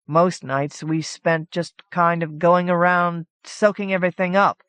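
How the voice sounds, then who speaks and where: A woman's voice: lowish voice, level tone, unhurried, a bit bright, smooth, no echo. Woman narrating a story, dry sound. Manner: casual, conversational first-person telling. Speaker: audiobook narrator. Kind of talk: scripted narration of a short story.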